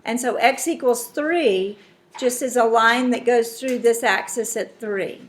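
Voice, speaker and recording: A woman's voice: a little high, unhurried. Woman teaching a math lesson. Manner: explains step by step, checks in with students. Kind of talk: classroom lesson.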